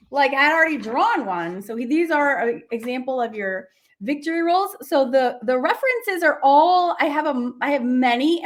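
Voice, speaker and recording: Bubbly high-voiced woman art teacher. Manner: bubbly, gushing, chatty with many fillers. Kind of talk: casual livestream lesson.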